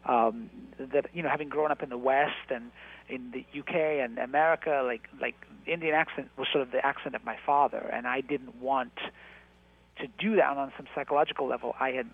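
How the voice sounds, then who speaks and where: A man, an actor, reflecting in an interview, halting with many fillers and restarts. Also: medium pitch, steady tone, gravelly, slightly rough. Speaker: actor and guest. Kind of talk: interview conversation. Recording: tinny phone-like line.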